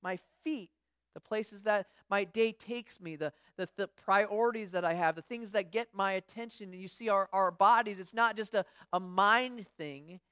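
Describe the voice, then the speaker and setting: A woman's voice: mid-range voice, normal speed, a bit bright, clean tone, dry recording, studio quality. A woman pastor giving a conversational sermon, telling stories with frequent restarts and acting out what others say. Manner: storytelling, frequent restarts, acts out quoted voices.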